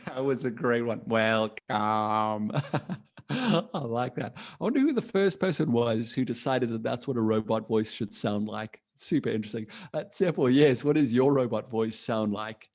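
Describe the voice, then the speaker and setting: A man's voice: medium pitch, animated, moderate pace, darkish tone. A man teaching children in a live online class over a video call. He sounds friendly and encouraging, laughs often and talks casually with restarts.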